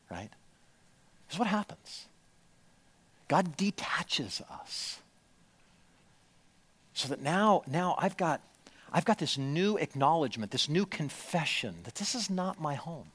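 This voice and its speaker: A man preaching a sermon to a congregation, swinging from hushed storytelling to loud, emphatic lines. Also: medium pitch, big pitch swings, a little slow, long pauses, breathy edge. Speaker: pastor. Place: church, before a congregation.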